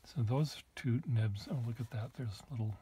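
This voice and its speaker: A man's voice: medium pitch, moderate pace, dark tone, slight background noise. A man showing pens to the camera in a casual, musing way, thinking aloud with small asides while he writes at a desk. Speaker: pen collector demonstrating nibs. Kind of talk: casual show-and-tell to camera.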